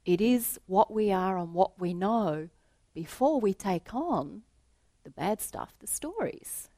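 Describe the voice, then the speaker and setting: A woman giving a reflective spiritual talk, telling a story to make her point in a gentle voice that often drops to a soft hush. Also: mid-range voice, expressive, takes it slowly, dry recording. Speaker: spiritual teacher.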